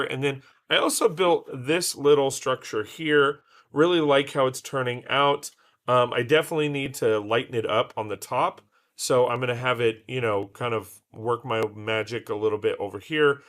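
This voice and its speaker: A man hosting a casual livestream, chatty and loose with many fillers, his voice slightly raspy from being sick. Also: medium pitch, normal speed, fairly bright tone. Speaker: livestream host.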